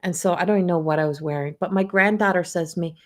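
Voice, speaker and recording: A middle-aged psychic medium from Newfoundland, Canada, chats casually on a livestream in a Newfoundland accent, rambling and restarting often. Her voice is fairly low, and she talks fast.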